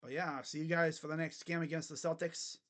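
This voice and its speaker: A young man hosting a casual live basketball reaction, joking bluntly and crudely with sudden loud bursts. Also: a little high, level tone, fast. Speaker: sports channel host. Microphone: webcam setup.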